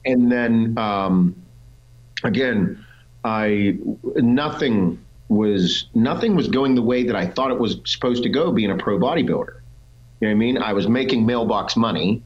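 A man's voice: on the low side, moderate pace, lo-fi sound. A man, a pro bodybuilder, telling his story as the guest in a casual interview, blunt and full of swearing. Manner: blunt and profane, voices others in quotes.

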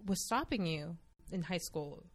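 A woman's voice: lowish voice, animated, a little slow. A woman interviewer asking long, earnest questions.

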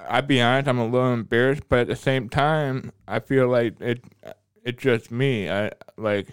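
A deaf man talking casually on a podcast, halting and often repeating his words. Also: mid-range voice, steady tone, clear, resonant tone. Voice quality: speech of a deaf speaker. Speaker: podcast regular.

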